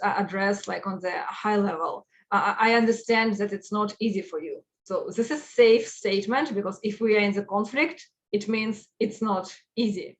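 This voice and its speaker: A woman with an Eastern European accent speaking at an online conference and answering questions, with lots of fillers and restarts. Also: medium pitch. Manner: many fillers and restarts, emotional. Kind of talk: online talk and Q&A. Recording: dull lo-fi video call audio.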